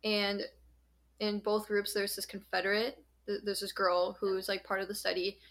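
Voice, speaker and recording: A young woman co-hosts a casual podcast, explaining a study chattily and with lots of fillers. Her medium-pitched voice is fairly bright, delivered completely flat at a moderate pace.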